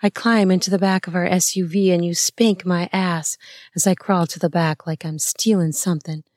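A woman reading an intimate first-person erotic story in a breathy, playful way, with soft laughs and gasps. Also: lowish voice, steady tone, moderate pace, no room sound, studio quality.

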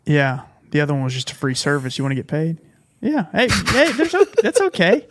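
A man's voice: on the high side, expressive, a little fast, slight background noise. A man, a podcast host in casual chat, who teases his guest and steers the talk back on track.

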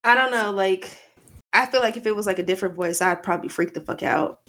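A woman's voice: medium pitch, fast talker, a bit bright. A woman co-hosting a casual podcast, talking candidly and rambling, swearing freely and leaning on "like" a lot. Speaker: podcast co-host. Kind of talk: casual chat.

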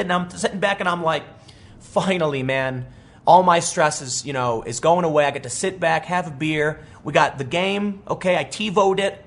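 A man in his thirties giving casual political commentary, animated and rambling, with many restarts and quoted asides. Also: high-pitched.

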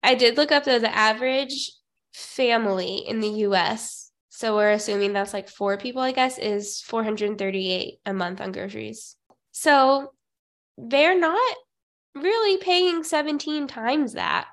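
A young woman co-hosts a podcast with a voice that sits a little high. She chats casually with a snarky edge and often laughs or trails off mid-sentence. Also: a little slow, fairly bright tone. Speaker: podcast co-host.

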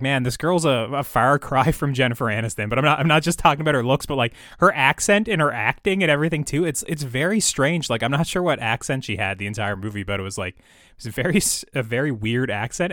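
Fast-talking and expressive, this man co-hosts a podcast in a medium-pitched, slightly bright voice. His casual chat rambles along hesitantly, packed with fillers, and the studio-quality audio has no room sound.

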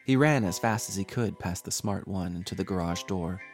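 A man hosting a horror podcast, reading a scripted horror story with dramatic, measured delivery. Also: sits low. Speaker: horror podcast host and narrator. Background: faint music.

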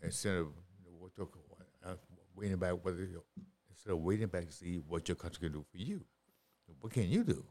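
Animated man giving life advice. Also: deep voice, fairly quick, slight background noise. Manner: animated, repeats words, preachy. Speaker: podcast guest. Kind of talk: casual advice talk.

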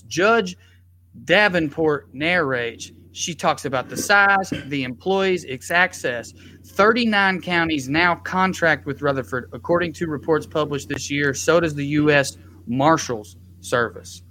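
A man's voice: a little high, pushed and bright. A man and former public defender, talking bluntly and with passion in a podcast discussion, swearing freely.

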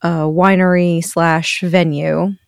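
A woman in her thirties co-hosting a podcast, talking casually and hesitantly with many pauses. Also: fairly low pitch, gravelly, clean tone, no room sound, studio quality. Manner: relaxed, hesitant, forgetful with many ums. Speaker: podcast co-host. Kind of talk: casual chat.

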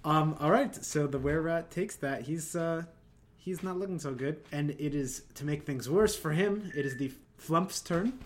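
A man narrating as dungeon master in a casual home game, trading quick asides about rules. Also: a little high.

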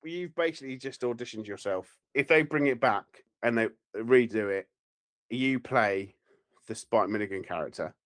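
A man co-hosting a podcast, rambling through teasing questions with lots of restarts, mid-pitched and ordinary in tone. He laughs often between his points. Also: normal speed, fairly bright tone. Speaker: podcast co-host. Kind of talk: casual podcast chat.

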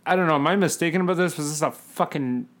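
A man's voice: fairly high pitch, fast. A man co-hosting a podcast, joking bluntly and crudely in casual chat. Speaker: podcast co-host.

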